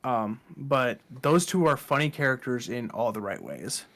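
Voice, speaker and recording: A man co-hosting a podcast, talking in a relaxed, chatty way about tabletop games. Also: mid-range voice, moderate pace. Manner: relaxed, chatty, with fillers and laughs. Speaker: podcast co-host. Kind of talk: casual chat.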